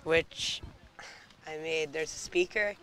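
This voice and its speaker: A man's voice: fairly high pitch, steady tone, slow, pushed and bright. A man guest explaining, step by step, a small device he built, in a plain and slightly hesitant way. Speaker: guest, young inventor. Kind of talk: casual explanation.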